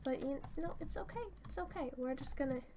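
A young woman casually commenting on her own gameplay, chatty and excitable, gushing with thanks. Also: high-pitched, brisk. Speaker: gaming channel host. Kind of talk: casual let's-play commentary. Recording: noisy home recording.

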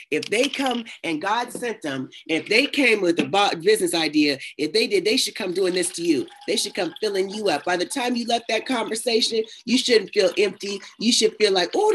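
A woman preaching a conversational sermon, animated, acting out the voices of the people she quotes. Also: mid-range voice, husky. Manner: animated, acts out quoted voices, laughs often. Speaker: prophetess and preacher.

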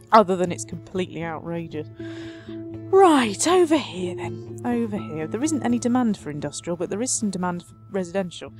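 A woman doing casual gameplay commentary as a let's play host, chatty and sarcastic, talking back to the game, with faint music behind her. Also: on the low side.

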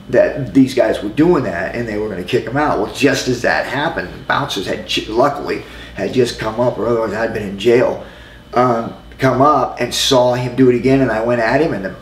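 A middle-aged man telling an anecdote as an interview guest, in a loose, halting way with lots of "you know" asides. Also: medium pitch. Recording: roomy with faint ambient noise.

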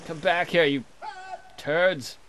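A man's voice: on the high side, steady tone, slow, fairly bright tone, a little hiss or hum. A young man casually commentating as he plays a game, crude and joking, trash-talking the enemy ships. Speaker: let's play commentator.

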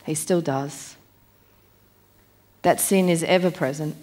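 A woman preacher giving a sermon, reading scripture aloud in a measured, emphatic way and slowing down on key phrases. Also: low-pitched, a little mellow. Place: church.

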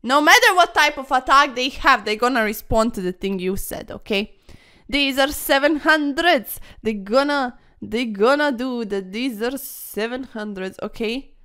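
A woman's voice: sits high, expressive, a little slow, sharp tone, clean tone. A young woman commentating her own online chess games in a playful, dramatic way, full of quirky slang and mock-formal asides. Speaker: chess streamer.

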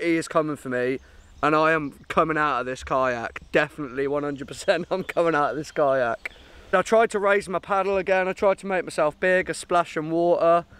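Easygoing outdoorsman vlogging to camera, slightly high voice, laughs at himself a lot. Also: a bit bright, clean tone. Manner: chatty, laughs often, self-mocking. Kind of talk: casual talk to camera. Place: outdoors by a river and in woods.

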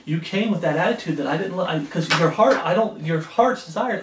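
A high-voiced man preaches with fervor, swelling into emphatic bursts. He stands back from the mic, and his words ring through a roomy, echoing space. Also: expressive, brisk, few pauses, far from the mic, noisy background. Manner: fervent, rising to emphatic bursts. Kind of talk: sermon.

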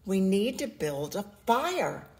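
Woman reading as a calm instructing mother. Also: mid-range voice, takes it slowly. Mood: instructive. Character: patient mother giving instructions.

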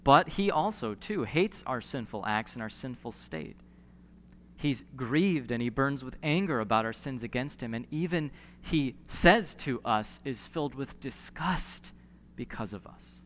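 A male pastor preaching a sermon earnestly, with emphatic pauses and repeated phrases. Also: mid-range voice, animated, fairly bright tone. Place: church sanctuary. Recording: long church hall reverb.

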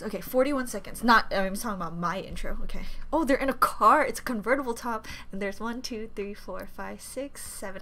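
A young woman reacting to a video at home, gushing and gasping, then dropping to soft murmurs as she thinks aloud. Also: mid-range voice, slight background noise. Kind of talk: casual reaction commentary.

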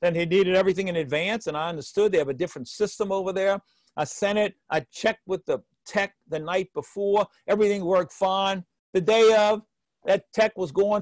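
An older man tells speaking stories in a high, lively voice. He acts out the people he quotes. The sound is dry and close, with no room echo. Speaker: author and public speaker. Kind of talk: storytelling talk on public speaking.

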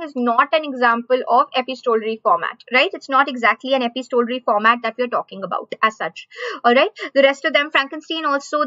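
Indian English woman, high bright voice, live online teacher who drills questions; dry, dull lo-fi sound. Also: no echo. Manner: repeats questions slowly, drawn-out emphasis. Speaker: online exam-prep teacher.

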